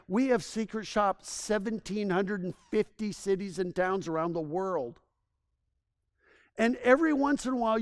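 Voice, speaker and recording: A male tourism consultant speaks to a community audience, his voice sitting noticeably high for a man. He tells stories with lively enthusiasm, in a loose conversational way, and often doubles back mid-sentence. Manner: enthusiastic, conversational storytelling with frequent restarts. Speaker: tourism consultant presenting to a town. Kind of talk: public presentation.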